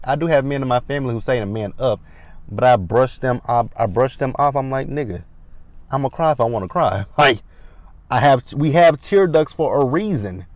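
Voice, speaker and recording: A man's voice: mid-range voice, darkish tone, no room sound. A man in his thirties giving a casual, candid recap of a reality show, emphatic and repeating lines for stress.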